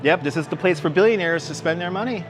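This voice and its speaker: A man's voice: fairly high pitch, fast, soft background music. A man with a New York accent hosting a casual live-streamed walking tour, chatting with viewers and reading out signs. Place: outdoor city walkway at evening. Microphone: wireless clip-on mic.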